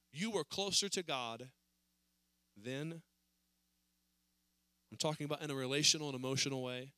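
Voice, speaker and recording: Bright-voiced earnest male preacher. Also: smooth, no echo. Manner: earnest, rising to pleading then dropping low. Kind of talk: sermon. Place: church service.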